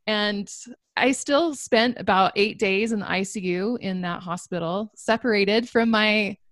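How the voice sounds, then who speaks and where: A woman's voice: medium pitch, a little slow, a bit bright, dry recording, studio quality. A young woman telling a personal story in an earnest, reflective way, with light laughs between lines. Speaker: guest telling her story. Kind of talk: personal testimony.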